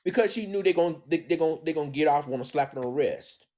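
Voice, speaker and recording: A man giving indignant live-stream commentary, addressing his audience as ladies and gentlemen, often repeating himself. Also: fairly high pitch, quick pace. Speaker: commentator on current events.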